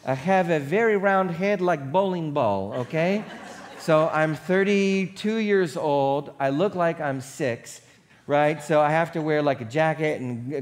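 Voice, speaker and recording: A man's voice: a little high, slight background noise. A middle-aged male pastor with a voice a little above the usual male range delivers his sermon from a church stage. He talks like he is chatting with friends, with a self-deprecating streak. When he quotes the people he visited, he slips into their voices.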